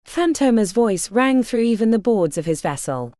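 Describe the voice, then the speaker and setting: A woman reading a fantasy romance audiobook as first-person narration, with expressive delivery. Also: medium pitch, moderate pace, no echo, studio quality. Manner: expressive, varied character voicing.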